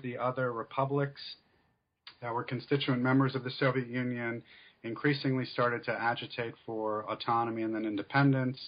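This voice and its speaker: A male author answering interview questions in a measured, explanatory way with frequent fillers. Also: medium pitch, highs cut off. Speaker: author guest.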